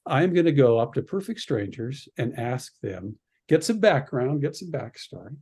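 A man from Canada, a radio producer and podcast guest, telling an animated story and acting out the voices of the people in it. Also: medium pitch, normal speed, husky. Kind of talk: animated anecdote in a podcast interview.

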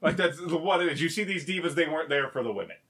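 A man with a high voice chats casually, telling animated stories. He acts out other people's lines and laughs often. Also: fast talker. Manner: animated storyteller acting out quotes, laughing often. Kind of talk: casual chat.

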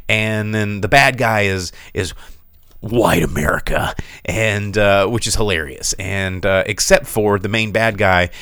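A man's voice: lowish voice, a little slow, smooth, no room sound, studio quality. A man hosting a casual podcast chat, rambling through a film review with lots of fillers and a sarcastic, mocking edge. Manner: animated, mocking delivery.

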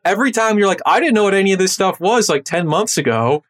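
A man with a slightly raised pitch hosts a casual podcast conversation. He tells stories in a chatty, animated way, full of "like" and quick asides. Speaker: podcast host. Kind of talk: casual chat.

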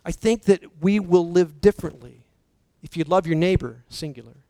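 High-voiced man preaching a slow sermon. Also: mellow, no room sound, poor audio. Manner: slow, emphatic preaching with dramatic drops to near-whisper. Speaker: pastor.

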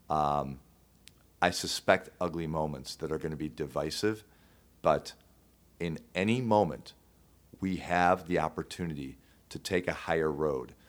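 A man with a notably deep voice speaks straight to his listeners in a sincere, emotional monologue. He pauses, restarts and presses on with conviction. He sounds like the host of his own show. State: choked up at times. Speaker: podcast host. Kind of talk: heartfelt monologue.

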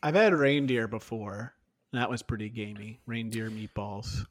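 A man's voice: on the low side, measured pace. A man co-hosting a podcast, chatting casually and agreeably about a cooking show. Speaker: podcast co-host.

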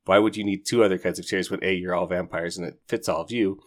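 Low-voiced man chatting about a book. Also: steady tone, fast talker. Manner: enthusiastic, rambling, retells scenes with laughing asides. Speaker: book podcast host. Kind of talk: casual book review chat.

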